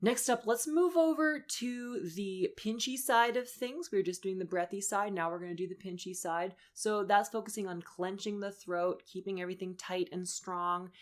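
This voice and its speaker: A young woman voice coach leading a lesson, upbeat and encouraging as she walks through breathing and vocal warm-ups. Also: medium pitch, moderate pace, hardly any pauses. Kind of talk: instructional voice lesson.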